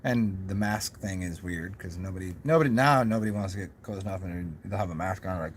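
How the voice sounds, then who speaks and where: A man's voice: sits low, brisk, hardly any pauses, slight background noise. A young man talking in a casual, rambling monologue to his camera, musing aloud with many restarts and asides. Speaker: vlogger.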